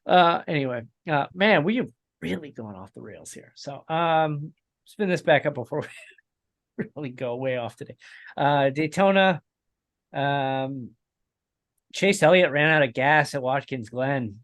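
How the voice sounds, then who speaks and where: A man with a somewhat high-set speaking voice chats casually as a podcast co-host. He rambles through stories, breaking off mid-sentence and chuckling as he goes. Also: animated, unhurried, fairly bright tone. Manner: rambling storyteller, chuckles while telling stories. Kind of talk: casual chat.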